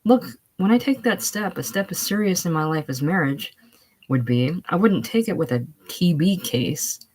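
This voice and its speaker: A reader voicing a frightened, breathless former showgirl in a casual play reading, raised and pleading with a husky tone. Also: medium pitch, animated, moderate pace, a little mellow. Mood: anxious.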